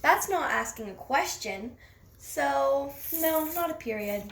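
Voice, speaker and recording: A young girl leading a kids' writing lesson, sounding out each word slowly and carefully. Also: sits high, expressive, a bit bright. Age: child. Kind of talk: classroom writing lesson for kids. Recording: echoey room, faint noise.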